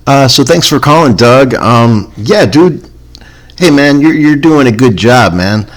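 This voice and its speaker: A man's voice: medium pitch, animated, a little slow. A man hosting a comedy podcast, rambling in a wry, self-mocking way. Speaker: podcast host. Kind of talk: casual comedy podcast chat.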